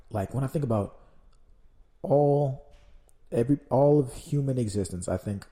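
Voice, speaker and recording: A man's voice: mid-range voice, normal speed, warm tone, roomy sound. A man with a Jamaican accent hosting a casual solo podcast, rambling and swearing as he loses his train of thought. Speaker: podcast host.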